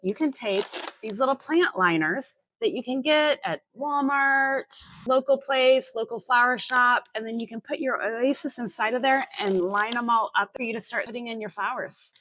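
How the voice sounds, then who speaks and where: A woman's voice: on the high side, fairly bright tone, dry recording. A middle-aged woman florist gives a friendly, chatty hands-on tutorial, explaining each step as she works. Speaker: florist demonstrating a flower arrangement. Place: indoors at home, music playing in another room.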